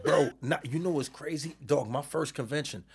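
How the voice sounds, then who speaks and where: A man's voice: a little high, creaky, crowd noise. A man chatting casually as a content creator, telling profane, rambling stories and correcting himself as he goes. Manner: profane, rambling storyteller, quick to self-correct. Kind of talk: casual storytelling chat.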